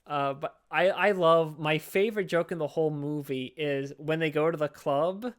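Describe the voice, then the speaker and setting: A man co-hosting a podcast, recapping a movie in casual chat, acting out characters in quick voices and swearing freely. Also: a little high. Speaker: podcast co-host.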